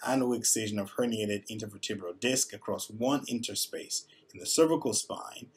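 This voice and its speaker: Husky-voiced man teaching medical coding. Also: mid-range voice. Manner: measured and explanatory, with frequent "uh" fillers. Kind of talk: recorded instructional presentation.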